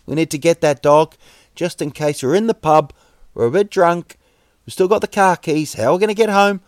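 A man with a New Zealand accent hosting a solo podcast, rambling deadpan jokes with many fillers and restarts. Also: fairly high pitch, normal speed, no room sound, studio quality. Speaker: podcast host. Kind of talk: solo comedic podcast monologue.

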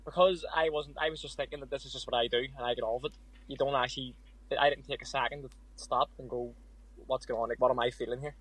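A man's voice: medium pitch, fairly even intonation, fast, a bit bright, breathy edge, poor audio. A young man with an Irish accent, a boxer as guest, candidly telling stories in a casual podcast interview. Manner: candid, storytelling with quoted asides.

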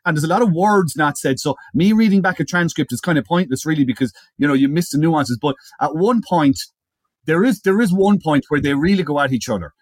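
A man with a fairly high voice spins a story for his co-hosts, circling back and repeating words as he builds it. The sound is close and dry, with no room around it. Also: a little fast, no room sound. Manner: animated retelling, repeats words as he goes. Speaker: podcast co-host. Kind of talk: casual chat, storytelling.

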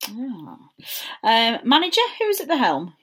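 A woman's voice: on the high side, huge pitch swings, measured pace, a bit bright, husky. A woman with an East Lancashire, Burnley accent, hosting a casual football podcast and asking questions in an upbeat, chatty way. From Burnley, England. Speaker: podcast host.

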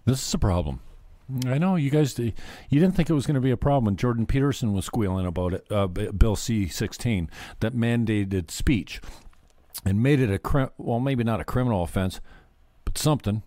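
A man's voice: mid-range voice, animated, moderate pace, warm tone, no echo. A man hosting a podcast, rambling through casual political commentary with profanity and sarcasm. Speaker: podcast host.

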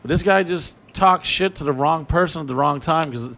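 A man's voice: a little high, normal speed, fairly bright tone. Blunt, profane man in casual chat. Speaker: touring show host. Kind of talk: raunchy casual storytelling.

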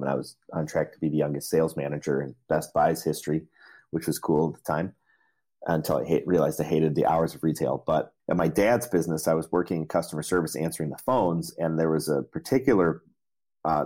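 Man, middle-aged, very deep voice, husky, rambling, self-deprecating. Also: dark tone. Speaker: interview guest, entrepreneur. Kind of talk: casual storytelling interview.

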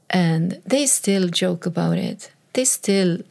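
A woman's voice: lowish voice, measured pace, gravelly, few pauses, darkish tone. A woman in her fifties talking candidly about her own life, earnest, often repeating and restarting phrases. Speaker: mother sharing personal reflections. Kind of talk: candid personal storytelling.

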